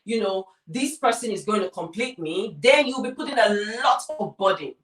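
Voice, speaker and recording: A woman's voice: medium pitch, lively intonation, moderate pace, echoey room, recorded from a distance. A woman lecturer co-hosting a relationship talk, speaking emphatically, repeating key words and speaking directly to viewers. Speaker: co-host and lecturer. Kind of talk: conversational discussion.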